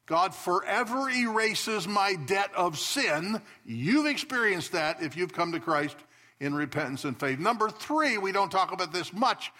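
A male pastor preaching a sermon, swinging between loud emphatic declarations and soft asides. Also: high-pitched, lively intonation, unhurried. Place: church sanctuary.

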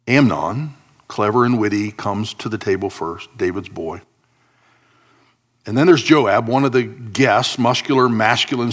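A man preaching a sermon, telling a scripture story expressively and acting out the quoted lines. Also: lowish voice.

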